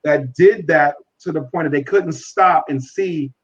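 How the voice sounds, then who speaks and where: A man's voice: a little high, unhurried, muffled recording. A man speaking earnestly as a podcast guest, repeating phrases for emphasis and acting out conversations.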